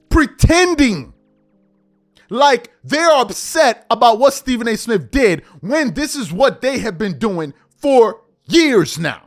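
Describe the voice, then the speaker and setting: A man hosting a sports commentary channel, delivering an indignant, mocking rant and mimicking people he quotes. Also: very high voice. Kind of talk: ranting sports commentary monologue. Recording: faint music bed behind voice.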